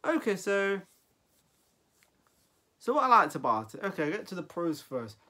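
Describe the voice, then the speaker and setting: A man in his forties talks through a film review off the cuff. His voice sits a little high for a man. He rambles, drops sentences halfway and starts them over. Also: sing-song, normal speed, sharp tone. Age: 40s. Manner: rambling, loses his thread and restarts often. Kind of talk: casual unscripted film review.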